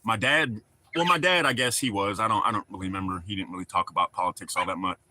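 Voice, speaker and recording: A man's voice: on the low side, fast talker, sharp tone, a little hiss or hum. A middle-aged man, chatting casually and rambling to his livestream viewers. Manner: rambling, folksy, talks to the chat. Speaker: livestream host.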